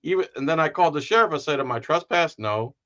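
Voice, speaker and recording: A man's voice: a little high, expressive, fast, pushed and bright. A man from Florida hosting an interview, telling his own story in a blunt and emphatic way. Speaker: host. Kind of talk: casual interview chat. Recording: dull, lo-fi stream audio.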